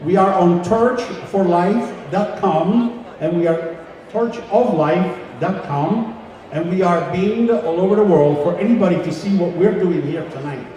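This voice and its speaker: High-voiced man emceeing in an echoey hall. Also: a little slow, mellow, far from the mic. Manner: chatty, ad-libbing, addresses the crowd. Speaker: gala emcee. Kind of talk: live event hosting and joke telling. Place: large banquet hall.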